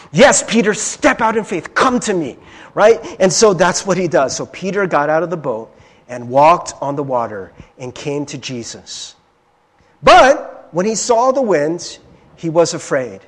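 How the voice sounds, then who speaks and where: A man preaching a sermon as a pastor, talking in an easy conversational way, often checking in with his listeners and calling them friends. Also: on the high side. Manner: conversational, often asks "right?" and addresses "friends".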